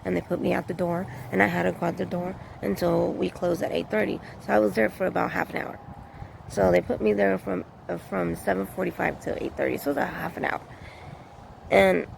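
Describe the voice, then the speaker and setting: Earnest rambling woman with a gravelly voice. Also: fairly low pitch, fairly even intonation, fairly quick. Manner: earnest, rambling, repeats points. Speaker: vlogger. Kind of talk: casual opinion monologue. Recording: noisy outdoor street recording.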